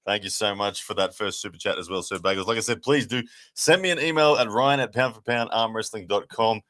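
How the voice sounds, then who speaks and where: Tired guy hosting a late night stream, chatty and upbeat, pretty low voice. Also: fairly quick, pushed and bright. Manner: upbeat, thanks viewers often. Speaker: host of live watch party. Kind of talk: casual live stream chat.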